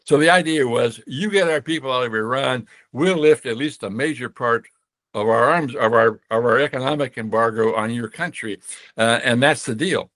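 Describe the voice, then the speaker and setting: Older American man, rambling podcast guest, mid-pitched, dry close mic, lively when quoting. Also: normal speed, no room sound. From United States. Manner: rambling, many restarts, animated when quoting others. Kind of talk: storytelling interview.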